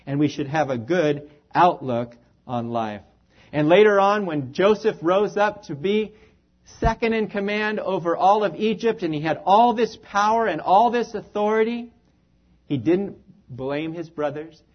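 A man preaching a sermon with a high, light voice. He speaks earnestly and with emphasis, and his phrases trail off softly at the ends. The sound is a little dull and lo-fi. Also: unhurried.

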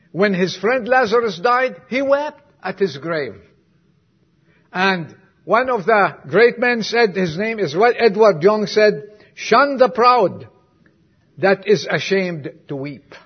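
Male pastor preaching slow, kinda husky and a bit high, dull lo-fi recording. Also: animated. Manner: emphatic preaching with sudden drops to soft, quiet asides; asks the congregation questions. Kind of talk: sermon.

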